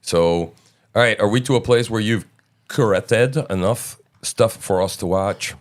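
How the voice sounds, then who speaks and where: A middle-aged man with a very low, smooth and resonant voice, hosting a casual stream. He talks loosely and rambles, full of fillers and restarts. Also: a little slow. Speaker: show host. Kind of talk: casual live-stream chat.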